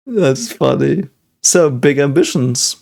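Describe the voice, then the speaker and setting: A man with a gravelly, creaky voice gives casual reaction commentary. He muses out loud in a reflective, analytical way. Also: fairly high pitch. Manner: reflective, thinking aloud, analytical. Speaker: physicist reacting to an anime episode.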